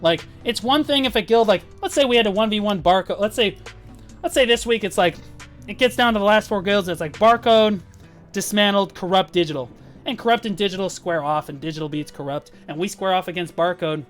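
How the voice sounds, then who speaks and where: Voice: medium pitch, fairly quick, faint music behind. Profane, heated gaming guild leader ranting. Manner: profane, heated and emphatic, with frequent "like" and "um". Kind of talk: live-stream storytelling rant.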